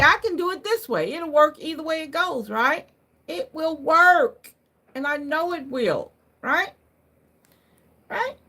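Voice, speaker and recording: A woman's voice: high voice, a bit bright. Woman doing a live card reading, chatty, keeps saying right? and okay?. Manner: chatty, repeats "right?" and "okay?", laughs at own slips. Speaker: card reader.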